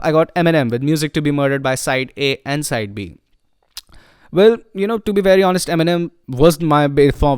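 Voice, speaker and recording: A man's voice: a little high, clean tone, no room sound, studio quality. A man giving a casual, enthusiastic spoken review of albums, talking loosely with many fillers. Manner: enthusiastic, loose, frequent "you know" and "like" fillers. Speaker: music reviewer.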